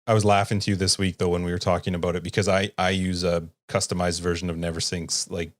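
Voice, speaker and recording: A man co-hosting a gaming podcast in casual chat, laid-back and teasing, often trailing off quietly. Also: deep voice, level tone, quick pace. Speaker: podcast co-host.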